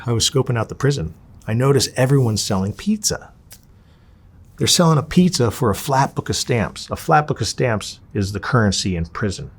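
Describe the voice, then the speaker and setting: Husky-voiced man telling prison stories. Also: medium pitch. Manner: animated, profane, acts out quoted people. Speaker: interviewee. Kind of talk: candid storytelling.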